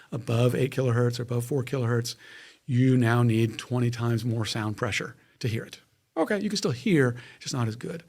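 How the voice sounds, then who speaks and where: A man with a gravelly, mid-range voice talks through a medical device in a relaxed interview. He explains with enthusiasm, restarting sentences and reaching for homely analogies. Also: medium pitch. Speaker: neuroscientist guest. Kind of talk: casual explanatory interview talk.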